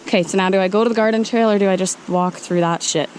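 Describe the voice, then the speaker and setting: Young woman, casual hiking vlog, giggly storytelling, handheld camera, noisy outdoor recording by rushing water. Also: medium pitch, steady tone, a little mellow. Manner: chatty, giggly, self-deprecating storytelling. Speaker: vlogger. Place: outdoors in a gorge by flowing water. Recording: outdoor noise, flowing water. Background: flowing water.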